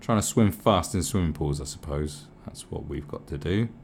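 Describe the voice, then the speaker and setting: Gravelly sarcastic man ranting. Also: very deep voice, moderate pace, darkish tone, slight background noise. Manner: sarcastic, sweary, repeats mocking questions. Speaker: video commentator. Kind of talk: ranting commentary.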